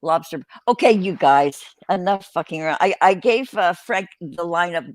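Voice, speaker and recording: An older woman with a fairly low voice hosts a casual live stream, rambling along and cussing without a second thought. The sound is dry and close, with no room around it. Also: lively intonation, normal speed, no echo. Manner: salty, rambling, swears freely. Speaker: host.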